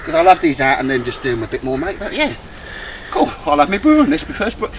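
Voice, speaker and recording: A man's voice: on the high side, huge pitch swings, quick pace. A man chatting casually in the woods about a stool he built, calling everyone mate. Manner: chatty, calls everyone mate, laughs often. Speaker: bushcraft vlogger. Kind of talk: casual outdoor chat. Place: woods outdoors. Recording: outdoor camera audio with noise.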